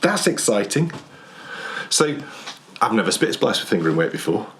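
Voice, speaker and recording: A man's voice: on the low side, big pitch swings, moderate pace, a bit bright, a little hiss or hum. A man co-hosting a casual knitting chat, cheerful and enthusiastic. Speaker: podcast co-host.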